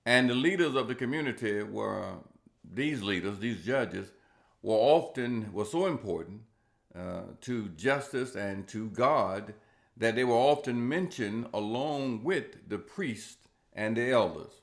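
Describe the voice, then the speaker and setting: A man teaching a church Bible lesson, often repeating and restarting words and growing louder when he reads scripture. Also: lowish voice, animated, unhurried, vocal fry. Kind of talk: Sunday school Bible lesson.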